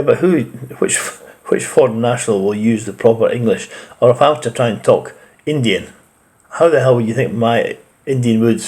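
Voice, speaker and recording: A Scottish man speaks in a medium-pitched voice, reacting to a video. His commentary is casual, blunt and opinionated, and he swears mildly now and then. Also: darkish tone. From Scotland.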